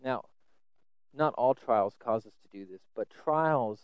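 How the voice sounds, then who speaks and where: A man preaching a sermon, earnest, often repeating words as he stresses a point, swinging between loud emphasis and soft asides. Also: medium pitch, takes it slowly, smooth, no room sound, highs cut off.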